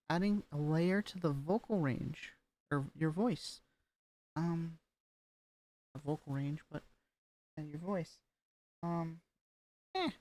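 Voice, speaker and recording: Slow, hesitant woman practicing intonation. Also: on the low side, dark tone. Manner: hesitant, many "like" fillers, practicing rising intonation. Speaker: voice training student. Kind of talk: casual practice recording. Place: home room, streaming as a vtuber. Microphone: webcam microphone.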